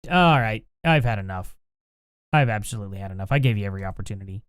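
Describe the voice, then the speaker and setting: A man's voice: lowish voice, animated, quick pace, smooth, no room sound, studio quality. A man hosting a live stream, reading chat aloud and answering it with combative, sarcastic, exasperated rants, plainly angry. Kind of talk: heated live-stream commentary.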